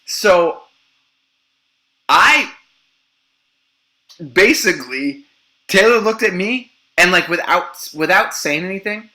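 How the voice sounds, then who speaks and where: A man appears as a guest on a casual podcast chat, telling a story in an animated, profane way and acting out what others said. His voice sits high, and he speaks slowly with frequent pauses.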